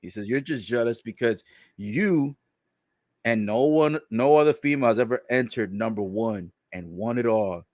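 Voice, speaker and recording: A man giving a casual live recap of a wrestling show, relaying what is said in the ring and reacting with laughs and loud exclamations. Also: mid-range voice, normal speed, no room sound, clean studio sound. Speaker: live wrestling watch-along commentator.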